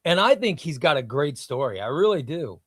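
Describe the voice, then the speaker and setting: A man hosting a comics livestream, talking loosely and reading viewer comments off the screen. His voice sits a touch high for a man. The sound is dry and close, with no room around it. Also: very animated, normal speed, dry recording. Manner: chatty, reads viewer comments aloud; hypes sponsor in a shouted ad read. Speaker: livestream host. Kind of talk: casual livestream chat.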